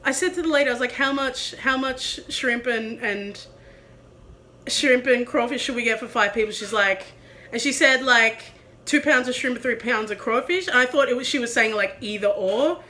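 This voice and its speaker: A woman vlogger with a high, bright voice tells a story in casual chat. She acts out the people she met and laughs along the way. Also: normal speed.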